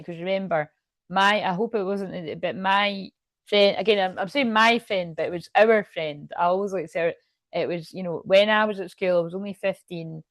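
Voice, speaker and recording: A woman's voice: on the low side, no echo. A woman with a Scottish accent giving a rambling, chatty tarot reading, swearing freely and laughing often. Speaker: tarot reader. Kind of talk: casual tarot reading to camera.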